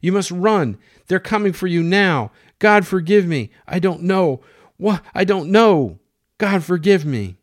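A man's voice: a little slow, dry recording, clean studio sound, lightly acted. A man voicing Juan, a guilt-ridden man who blurts out a frantic confession. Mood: panicked. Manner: frantic, pleading, high and loud. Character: Juan, a panicked man who betrayed friends.

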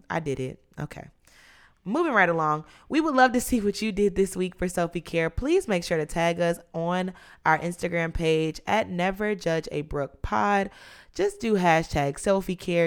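Low-voiced young woman podcasting. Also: clear, resonant tone. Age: 20s. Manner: chatty and candid, with drawn-out emphasis. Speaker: podcast host. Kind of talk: casual solo podcast chat.

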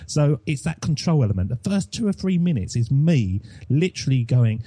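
A man from England talks about his podcast with emphatic enthusiasm. His voice is warm and mellow with a husky edge. The recording is dry and close. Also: mid-range voice, animated, fairly quick, dry recording. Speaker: podcast host and guest. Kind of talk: casual interview chat.

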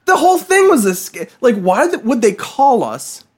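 A woman's voice: fairly high pitch, normal speed, husky. A woman hosting a comedy podcast, chatting and retelling stories. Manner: animated storyteller, chatty. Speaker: podcast host. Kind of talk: casual chat.

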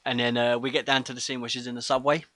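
A man's voice: medium pitch, little pitch movement, quick pace, fairly bright tone, dry recording. Chuckling man, dry close sound. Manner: laughs often, recaps scenes plainly. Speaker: podcast co-host. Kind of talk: casual chat recapping a film.

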